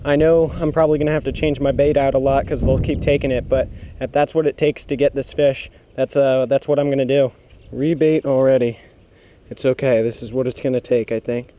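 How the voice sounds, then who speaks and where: Excitable man narrating a fishing vlog. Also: medium pitch. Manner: excitable, gasps and cheers at bites. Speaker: fishing vlogger. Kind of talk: excited outdoor vlog commentary. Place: outdoors by a pool of water.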